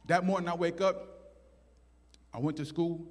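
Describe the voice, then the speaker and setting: A man telling a comic story on stage, animated and acting out voices. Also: a little high, moderate pace, background noise. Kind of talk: stand-up story. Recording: hall with long reverb.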